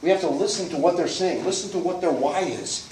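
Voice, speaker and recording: Guy doing a pumped-up motivational talk in a big echoey hall, mic kinda far away, slightly high voice. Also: fairly quick, slight background noise. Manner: animated, folksy and emphatic, acting out quoted people. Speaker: motivational speaker at a business coaching event. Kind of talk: live motivational talk to an audience. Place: event hall, indoors.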